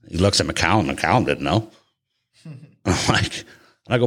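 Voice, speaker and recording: A man's voice: sits low, a little slow, pauses often, breathy edge. Guy rambling thru a story, swears a lot, lots of restarts, casual chat. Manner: rambling, profane, animated storyteller with many restarts.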